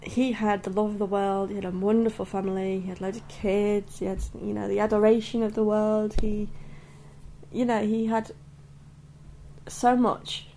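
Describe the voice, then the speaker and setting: A woman's voice: mid-range voice, flat delivery, moderate pace, a little hiss or hum. A woman in her thirties speaking candidly and earnestly in a personal podcast monologue. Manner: candid and earnest, many restarts and soft laughs. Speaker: podcast host.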